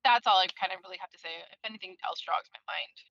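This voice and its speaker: A woman's voice: mid-range voice, rapid-fire, highs cut off. A woman in casual book club chat, rambling and swearing freely while she drives. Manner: rambling, swears a lot, lively.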